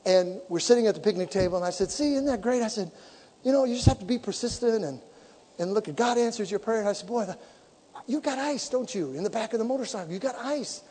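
A man preaching a sermon, telling stories and acting out dialogue, sometimes shouting for emphasis. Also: sits high, expressive, quick pace, breathy edge. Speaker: pastor. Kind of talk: sermon with storytelling. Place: church sanctuary. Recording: hall reverb.

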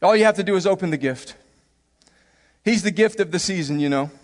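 This sermon comes from a pastor whose light, high-pitched voice moves slightly quickly. He acts out little scenes in playful voices, laughing throughout with lively energy. The church hall around him leaves a long, trailing reverb.

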